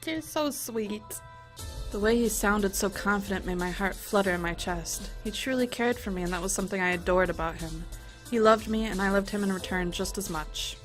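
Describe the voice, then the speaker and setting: At a moderate pace and medium pitch, a young woman plays through a visual novel, voicing the text out loud. Faint music runs behind her as she drops in profane, jokey remarks in an expressive way.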